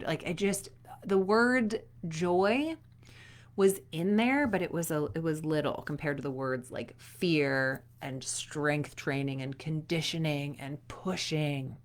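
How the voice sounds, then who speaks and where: A woman's voice: sits low, expressive, moderate pace. A woman in her thirties, a performance coach, giving an upbeat, chatty motivational talk to young athletes and acting out little quotes along the way.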